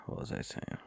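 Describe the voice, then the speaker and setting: A man's voice: a little mellow, dry recording. A man telling a rambling, profane story in a casual rant, sighing now and then. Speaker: vlogger.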